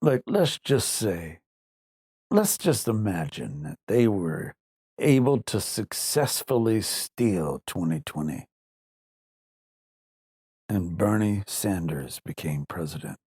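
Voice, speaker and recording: A man's voice: low voice, big pitch swings, slow, long pauses, darkish tone, slightly rough, no room sound, studio quality. Rambling man on a livestream. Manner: rambling, conversational, drops into mock voices. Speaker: livestream host. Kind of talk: casual livestream chat, reading viewer comments.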